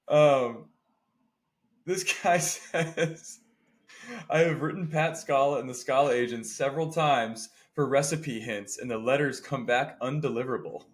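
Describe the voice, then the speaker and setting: Animated man co-hosting a podcast. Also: mid-range voice, slow pace, long pauses. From Indiana. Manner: animated storytelling, mimics people he describes. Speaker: podcast co-host. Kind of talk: casual chat.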